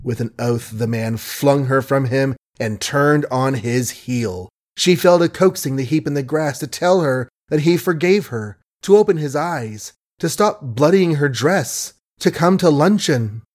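A man reading a novel aloud in measured, wry narration, with asides to the listener. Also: mid-range voice, lively intonation. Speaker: audiobook narrator. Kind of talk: scripted literary narration.

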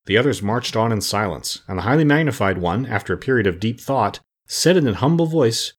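A man reading a storybook aloud in a measured, steady narration. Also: mid-range voice, husky. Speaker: audiobook narrator.

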